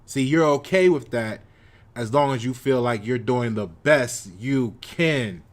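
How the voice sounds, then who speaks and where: American male host, preachy repetitive monologue, middle-pitched voice. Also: unhurried. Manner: lecturing, repetitive, confrontational. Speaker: channel host. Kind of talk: monologue commentary.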